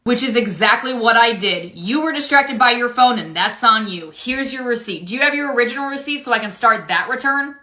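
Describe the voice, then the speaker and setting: A woman playing a patient female retail cashier who stays flat and polite with rude customers in a comedy skit. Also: fairly high pitch, brisk, few pauses. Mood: deadpan. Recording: echoey room.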